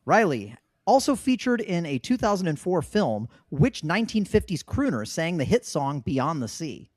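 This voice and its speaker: A man's voice: on the high side, very animated, normal speed, darkish tone, no room sound, studio quality. A man hosting a casual podcast trivia game, joking and laughing easily as he reads out the questions. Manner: laughs often, loose and joking. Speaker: trivia quiz host.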